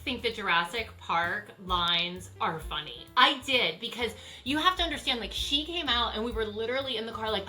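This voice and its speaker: A middle-aged woman chatting casually as she reacts to old clips, sassy and quick to laugh. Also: a little high, pushed and bright, soft background music. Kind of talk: casual chat.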